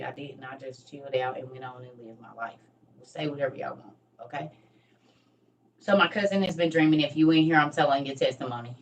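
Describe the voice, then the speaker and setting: A woman in her thirties telling a personal story with rising passion, sometimes near shouting, in casual dialect speech. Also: very deep voice, slight background noise. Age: 30s. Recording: voice distant from the mic.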